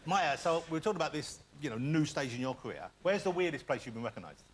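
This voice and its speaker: Fast-talking middle-aged male chat show host. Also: on the high side, expressive. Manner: jokey, brisk interviewer. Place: TV studio with live audience. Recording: VHS TV recording, loud crowd and hiss.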